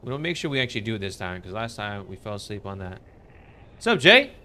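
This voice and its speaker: Fairly low in pitch yet bright and forceful, this man's voice moves fast as he live-streams a game. He keeps the chat casual and laid-back, welcoming viewers with upbeat enthusiasm as he plays.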